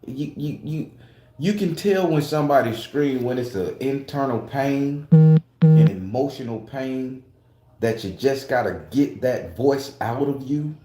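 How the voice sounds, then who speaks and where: A man's voice: mid-range voice, lively intonation, unhurried, warm tone, reverberant. A man and tarot reader telling a story in a casual, profane, emphatic way.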